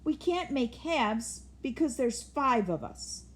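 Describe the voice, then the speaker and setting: Squeaky eager little girl mouse, woman putting it on, high and bouncy. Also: big pitch swings, takes it slowly, full character voice. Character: small brave fair-minded female mouse.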